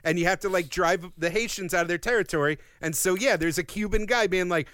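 A man's voice: high voice, fairly bright tone, no room sound, clean studio sound. A man co-hosting a casual podcast, joking and chiming in with quips. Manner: joking, quick to laugh along. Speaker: podcast co-host. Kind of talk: casual chat.

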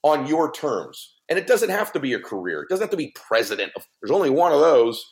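A middle-aged man speaking as a guest on a podcast, telling a personal story in an earnest, emphatic way with big swings in pitch. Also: big pitch swings, brisk. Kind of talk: heartfelt podcast conversation.

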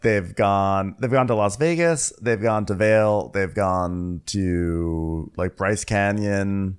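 A man's voice: fairly low pitch, slow, clean tone. A man co-hosting a comedic reality TV recap podcast, acting out scenes and soundtracks as he talks. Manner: animated, acts out scenes and music with sounds.

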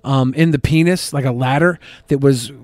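A man's voice: mid-range voice, normal speed, darkish tone, no room sound. A man co-hosting a podcast in casual chat, telling stories and dropping dry, joking asides. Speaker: podcast co-host.

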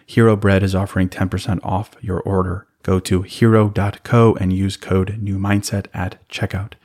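Low-voiced man reading a sponsor spot. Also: normal speed. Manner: relaxed, conversational, first-person. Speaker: podcast host. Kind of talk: host-read sponsor spot.

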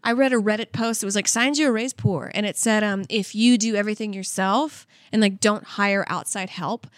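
A woman's voice: mid-range voice, steady tone, fairly quick, no room sound, clean studio sound. A young woman co-hosting a podcast, telling stories casually with lots of "like" and acted-out quotes. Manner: chatty storytelling, filler "like", acts out quotes. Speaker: podcast co-host. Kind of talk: casual chat.

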